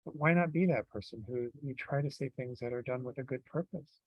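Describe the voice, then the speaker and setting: A man giving a Buddhist teaching in a relaxed, conversational way, with frequent fillers and restarts. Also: mid-range voice, brisk, husky, dry recording, highs cut off. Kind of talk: dharma talk.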